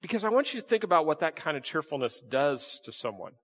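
A man preaching a sermon as pastor, folksy and talking to the congregation, with sudden jumps into high acted-out voices. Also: big pitch swings, fast talker, fairly bright tone. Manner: folksy, acts out voices with big pitch jumps. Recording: echoey hall reverb.

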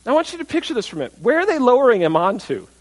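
A man's voice: very high voice, very fast, low-quality recording. A man preaching a sermon, retelling a scripture story in a conversational way, asking his listeners questions and acting out what the crowd says. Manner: animated storytelling, acts out crowd voices; conversational, asks the audience questions. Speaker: pastor.

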